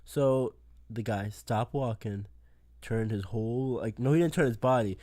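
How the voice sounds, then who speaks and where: A young man in casual podcast chat, telling animated stories and breaking into laughter. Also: mid-range voice, unhurried, no room sound, clean studio sound.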